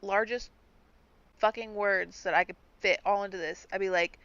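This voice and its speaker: A woman's voice: medium pitch, normal speed, dry recording, lo-fi sound. A woman player in an online tabletop game, talking casually and swearing freely. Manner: profane, animated.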